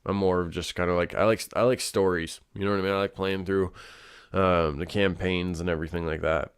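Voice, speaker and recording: A man's voice: low voice, steady tone, fairly quick, clear, resonant tone. A young man hosting a casual solo show, rambling with lots of fillers and swearing. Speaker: podcast host.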